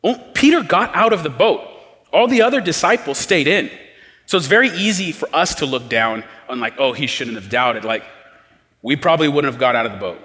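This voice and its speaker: A man preaches in a loose, conversational way, slipping into different tones when he acts out quotes. His voice sits a bit high. The sound carries a long reverb, as in a church hall. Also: lively intonation, a little fast, sharp tone. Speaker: pastor. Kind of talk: sermon.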